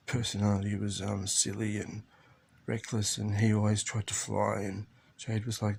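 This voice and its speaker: A father telling a tender family story in a halting, rambling way, recorded in an airplane cabin. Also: fairly low pitch, monotone, gravelly, a little mellow, a little hiss or hum. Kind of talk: rambling personal video diary.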